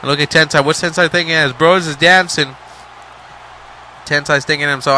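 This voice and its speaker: A man calling a wrestling match play by play, excitable and hyped, with playful trash talk and slang, jumping between shouts and low asides. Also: fairly quick, pauses often, slight background noise, low-quality recording. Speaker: wrestling game commentator. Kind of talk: play-by-play commentary.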